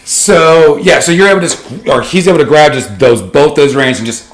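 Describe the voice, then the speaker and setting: A man's voice: on the high side, moderate pace, roomy sound, very noisy. Man game master, casual and rambling. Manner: casual, rambling, lots of filler. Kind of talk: narrating a tabletop game.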